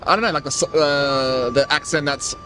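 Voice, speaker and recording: A young Australian man with an Australian accent, answering a street interview in a relaxed, hesitant way, full of filler words. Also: a little high, moderate pace, soft background music. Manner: relaxed, hesitant, lots of likes and laughs. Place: city street outdoors.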